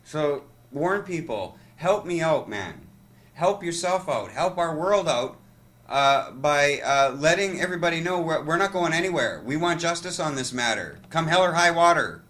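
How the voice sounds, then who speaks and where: A man giving an impassioned, rambling monologue to camera, urgent and halting with many restarts. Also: fairly high pitch, lively intonation, fairly bright tone. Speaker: vlogger.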